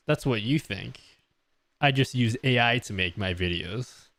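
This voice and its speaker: A man's voice: mid-range voice, measured pace, a bit bright, no echo. A man live-streaming a casual question-and-answer session, joking, laughing and reading his chat aloud from a close desk mic. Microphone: close desk mic on an audio mixer.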